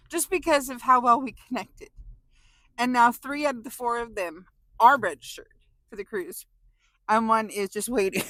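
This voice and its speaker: Emotional california woman rambling to her subscribers, bright voice, swoops all over. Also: on the high side, dry recording, poor audio. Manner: gushing, emotional, giggly. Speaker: vlogger. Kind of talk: casual chat to camera.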